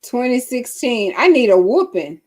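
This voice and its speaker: Woman, live-stream host, higher voice, laughing, casual chat. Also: normal speed. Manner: lively, laughing, preacher-like cadence.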